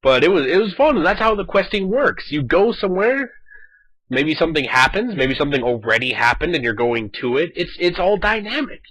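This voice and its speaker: A man chatting casually over his gameplay footage, animated and talkative, acting out quoted lines as he goes. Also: a little high, fairly quick, dry recording, poor audio. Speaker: gaming video host.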